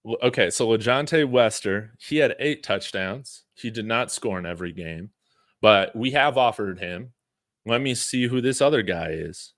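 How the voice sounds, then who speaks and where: Male sports streamer, low voice, dry close sound, loose rambling chat with fillers. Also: moderate pace, no echo. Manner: relaxed, rambling, frequent fillers and chuckles. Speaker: sports channel host. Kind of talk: casual live-stream chat reading super chats.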